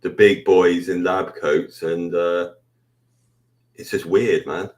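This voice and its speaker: A man in casual chat, rambling and halting with many fillers. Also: sits low, fairly even intonation, a little mellow.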